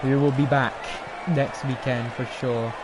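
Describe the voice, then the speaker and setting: A young man, commentating his racing game on a live stream, excitable and rambling as he talks to chat. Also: medium pitch, unhurried, over a noisy crowd, very noisy.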